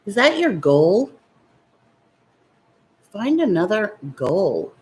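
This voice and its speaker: Slow-talking, defiant woman vlogger. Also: medium pitch, sing-song, a little mellow, breathy edge. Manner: defiant, chatty, talks back to critics. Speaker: YouTube beauty vlogger. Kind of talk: casual makeup chat, answering viewer comments.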